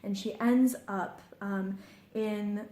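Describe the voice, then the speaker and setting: A woman's voice: medium pitch, fairly even intonation, takes it slowly, dark tone. A young woman vlogging about books she loves, gushing and fangirling with frequent laughs. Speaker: book vlogger. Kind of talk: enthusiastic book recommendations. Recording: roomy indoor echo.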